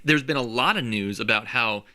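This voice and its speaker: A man's voice: mid-range voice, moderate pace, sharp tone. A man hosting a podcast, chatting casually and animatedly, laughing often and repeating words as he thinks aloud. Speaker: podcast host. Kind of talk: casual chat.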